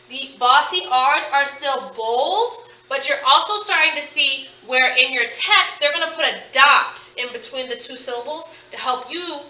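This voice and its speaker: A woman teaching a phonics lesson to children, sounding out words slowly and with emphasis. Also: sits high, bright, forceful tone, distant mic. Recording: echoey room, voice from off-mic.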